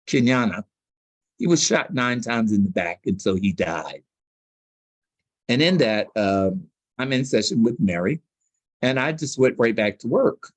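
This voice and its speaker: A man telling stories as a guest in a sit-down interview, animated and slangy. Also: on the low side, no room sound. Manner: animated storyteller with street slang. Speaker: public relations consultant, interview guest.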